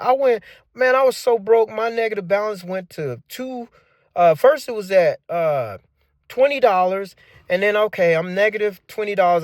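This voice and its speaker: A man's voice: a little high, dry recording, clean studio sound. A man in his forties telling a personal money story in a casual, conversational way, acting out his own and others' words. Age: 40s. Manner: animated, acts out quoted dialogue; conversational with slangy phrasing. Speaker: finance channel host.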